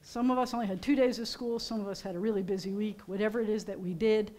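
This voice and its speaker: A woman's voice: mid-range voice, steady tone, fast talker. Chatty American woman rabbi. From United States. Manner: chatty, teacherly, gently joking. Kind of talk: casual sermon talk to a congregation. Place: synagogue sanctuary during a service.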